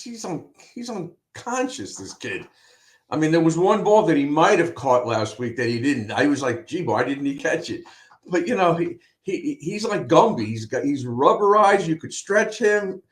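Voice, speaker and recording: Blunt, lively higher-voiced man. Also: moderate pace. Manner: blunt, opinionated, animated. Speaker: podcast co-host, analyst. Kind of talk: casual sports chat.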